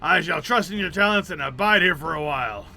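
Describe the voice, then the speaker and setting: A man's voice: on the high side, animated, fairly quick, vocal fry, pushed and bright, soft background music, heavily acted. A man voicing a formal, solemn male samurai in a game, with lofty phrasing.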